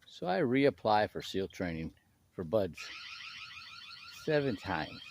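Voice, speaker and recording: A man with a somewhat low voice recounts a personal story in a casual, spoken style. He is animated and breaks off into restarts and repeated words as he talks. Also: slow pace, a little hiss or hum. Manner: animated, acts out quoted people in a raised voice. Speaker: speaker sharing his testimony.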